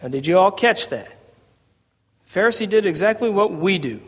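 A man's voice: high-pitched, animated, moderate pace, a bit bright, breathy edge. A man preaching a sermon to a congregation, conversational and humorous. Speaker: pastor. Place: church sanctuary. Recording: long reverb of a church hall.

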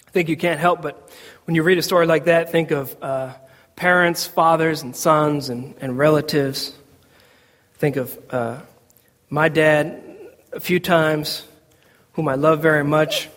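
A male pastor with a notably high voice delivers a chatty, story-driven sermon, stumbling through "uh"s and restarts as he goes. His words ring out with a long church-hall reverb. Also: steady tone, unhurried, fairly bright tone. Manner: conversational storytelling with frequent fillers and restarts. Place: church sanctuary.

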